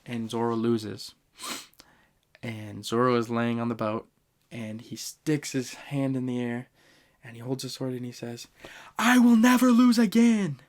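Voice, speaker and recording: A man talking casually on his podcast at a mid-range pitch for a male voice. His storytelling is lively and slangy, jumping between loud bursts and soft asides as he speaks straight to his listeners. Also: measured pace. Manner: slangy, addresses listeners directly. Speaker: podcast host. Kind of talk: casual fan ranking talk.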